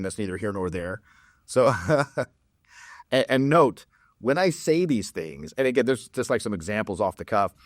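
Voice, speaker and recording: A man's voice: on the low side, dry recording, clean studio sound. A man coaching on dating in a blunt, profane, casual monologue, telling stories with laughs and mocking others in put-on voices.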